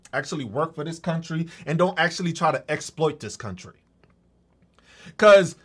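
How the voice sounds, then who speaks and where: A man rants on his podcast with a high, lively voice that leaps all over its range. He talks in a heated, profane, mocking way. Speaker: podcast host. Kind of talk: ranting political monologue.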